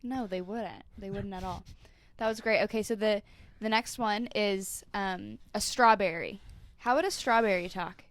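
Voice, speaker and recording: A woman's voice: mid-range voice, moderate pace, a little hiss or hum. Lady co-hosting a podcast, teasing and sweet, ordinary mid voice. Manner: teasing and affectionate. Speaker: guest co-host. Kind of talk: playful podcast banter.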